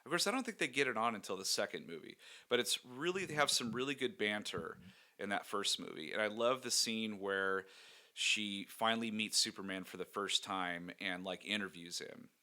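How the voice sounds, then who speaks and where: A jokey male podcast co-host chatting loosely with plenty of "um"s and quick laughs. His voice sits a bit low yet rings very bright and forward. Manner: jokey, laughs often, rambling with fillers. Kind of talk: casual podcast chat.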